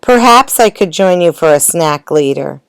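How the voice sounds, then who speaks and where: A woman voicing a weary, patient mother elephant who answers politely and gently in a storybook. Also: lowish voice, lively intonation, normal speed, gravelly, clean tone, no room sound.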